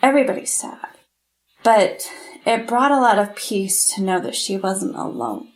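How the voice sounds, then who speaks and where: A woman's voice: mid-range voice, a little slow, low-quality recording. A middle-aged woman, a podcast guest, telling a painful personal story in an earnest, heartfelt way. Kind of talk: candid interview storytelling.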